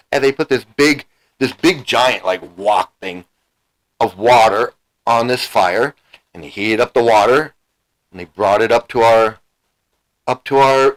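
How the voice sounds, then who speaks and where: A man's voice: mid-range voice, poor audio. A man in his sixties telling a story in a rambling, casual way, full of restarts and repeated words, with the odd swear. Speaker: vlogger recounting his past.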